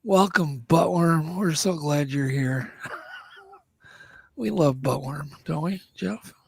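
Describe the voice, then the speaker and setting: Male radio co-host with a cold, raspy and a bit high, casual and chatty. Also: slow, no echo. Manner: chatty, laughs often, plays clips. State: coughing with a cold. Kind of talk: casual radio show chat.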